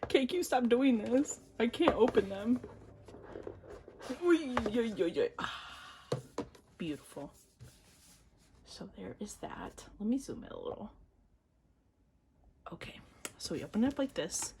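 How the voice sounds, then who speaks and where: A woman chatting casually to camera while unboxing, excitable and prone to gasps and squeals, then dropping into quiet mumbles. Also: mid-range voice, slow, pauses often, background noise. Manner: drops to quiet mumbles between outbursts. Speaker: vlogger unboxing albums.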